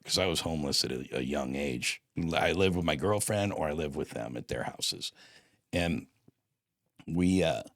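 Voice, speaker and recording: A man's voice: low voice, fairly bright tone, no room sound, studio quality. A man giving a blunt personal testimony in casual street talk, acting out old phone calls line by line. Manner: blunt street slang, acts out phone dialogue.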